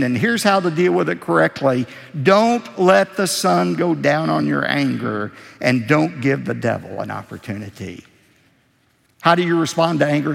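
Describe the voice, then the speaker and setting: A man preaching a sermon as pastor, emphatic, climbing high to stress points and dropping low and quiet for asides, in a large church. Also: vocal fry, in a large hall.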